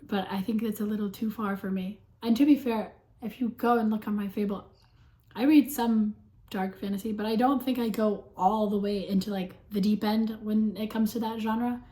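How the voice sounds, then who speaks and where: Sick hoarse woman rambling about a book, mellow voice, kinda echoey room. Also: medium pitch, fairly even intonation, moderate pace. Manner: hesitant, rambling, many fillers. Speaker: book reviewer. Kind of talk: casual video review.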